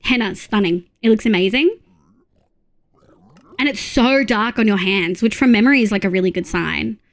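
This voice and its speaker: A young Australian woman with a medium-pitched voice streams live at a moderate pace. She chats casually with viewers, reads their messages aloud, gushes over their photos, and mixes gushing exclamations with muttered asides.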